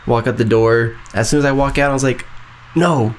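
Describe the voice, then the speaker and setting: Cowok santai cerita, nadanya biasa, ada noise tipis. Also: male voice, mid-range voice, steady tone, quick pace. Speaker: podcast co-host. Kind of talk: casual storytelling chat.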